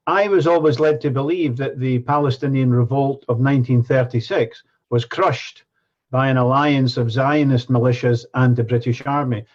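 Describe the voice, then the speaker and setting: A man's voice: medium pitch, darkish tone. Man interviewer, earnest and probing. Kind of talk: interview questions. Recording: dull lo-fi recording.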